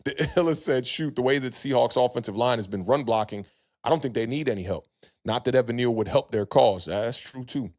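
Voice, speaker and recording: A young man with a mid-range voice hosts a relaxed live sports chat. He greets viewers by name and reads their comments aloud. His talk is loose and hedging, full of fillers. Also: mid-range voice, a little fast. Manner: laid-back, hedging, many fillers, greets chatters by name. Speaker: podcast host reading live chat. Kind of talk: casual livestream sports chat.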